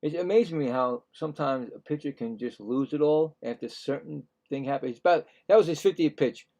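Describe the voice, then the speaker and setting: A man doing live play-by-play commentary on a baseball game, chatty and excitable, getting louder on big plays. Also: on the high side. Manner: acts out players' thoughts in quick asides.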